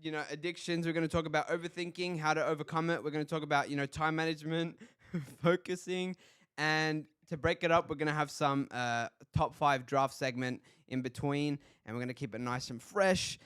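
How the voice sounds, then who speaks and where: A man's voice: a little high, steady tone, fairly quick, a bit bright, smooth, dry recording, studio quality. A young man hosting a casual podcast, upbeat and easygoing, talking with lots of fillers. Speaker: podcast host.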